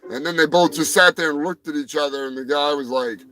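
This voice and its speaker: A man hosting a live stream, riffing on animal news in a rambling, profane, jokey way, swinging between loud outbursts and muttered asides. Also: fairly high pitch, fast, low-quality recording. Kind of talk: profane comedic news rant.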